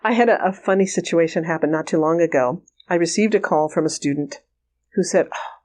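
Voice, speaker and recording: Animated woman telling stories. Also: fairly low pitch, brisk. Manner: animated storyteller, acts out quoted dialogue, laughs often. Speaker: remote viewing trainer, guest. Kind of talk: conversational interview.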